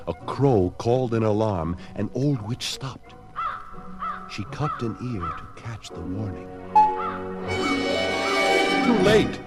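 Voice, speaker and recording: A man narrating a children's storybook record in an expressive, theatrical way. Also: lowish voice.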